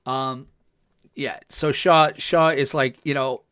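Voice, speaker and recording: A man hosting a podcast, recapping a TV episode in a casual, excited way, full of ums and restarts and acting out the characters' lines. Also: mid-range voice, slow pace, clean tone, dry recording, studio quality. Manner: chatty, with frequent ums and restarts. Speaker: podcast host.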